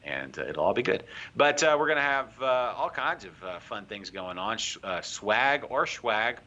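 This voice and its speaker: A man's voice: fairly low pitch, sing-song, moderate pace, bright, forceful tone. A man co-hosting a live craft beer show, chatting in a rambling way full of fillers. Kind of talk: casual live-stream chat. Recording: lo-fi stream audio.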